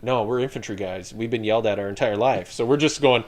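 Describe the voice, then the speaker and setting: Swearing freely and breaking into laughter, a retired Canadian infantryman in his thirties shares army stories in a casual podcast chat. His voice is on the low side and he talks fast, animated throughout.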